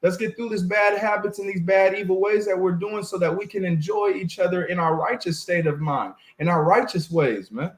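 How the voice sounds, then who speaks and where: A man's voice: high-pitched, normal speed, hardly any pauses. A man leading a casual Bible discussion, emphatic and preachy, who keeps adding "man" to his phrases. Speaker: Bible study leader. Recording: echoey room.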